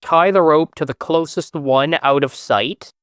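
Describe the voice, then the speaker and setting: A man's voice: a little high, unhurried, a bit bright, smooth, no room sound, studio quality. A man playing a tabletop game who describes his moves in an eager, rambling way. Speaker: player. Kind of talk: casual tabletop play.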